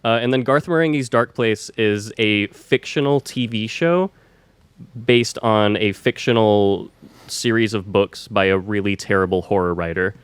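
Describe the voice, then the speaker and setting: A man's voice: lowish voice, measured pace, clear, resonant tone, dry recording. Laid-back rambling podcast guy. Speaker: podcast co-host. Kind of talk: casual chat.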